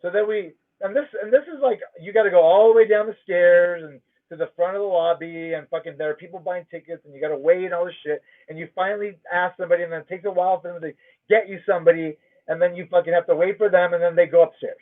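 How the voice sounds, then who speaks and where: A man's voice: high-pitched, steady tone, quick pace. A man hosting a livestream, telling a story in a casual, profane, emphatic rant from home. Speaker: livestream host. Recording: tinny phone-like audio.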